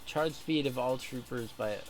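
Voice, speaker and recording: A man's voice: mid-range voice, normal speed, over music. A man streaming a game, thinking aloud in casual, mumbly commentary.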